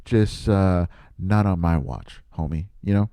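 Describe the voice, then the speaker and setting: A man's voice: sits low, unhurried, mellow, no echo. A man, a podcast host and comedian, telling a rambling story casually, laughing often and poking fun at himself.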